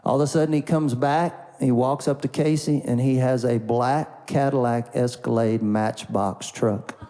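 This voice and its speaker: A man's voice: mid-range voice, fairly even intonation, a little slow, dark tone, in a large hall. A man, a country songwriter, telling a story in a folksy, rambling way, often repeating "and, and" and "uh" between thoughts. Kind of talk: storytelling before an acoustic song.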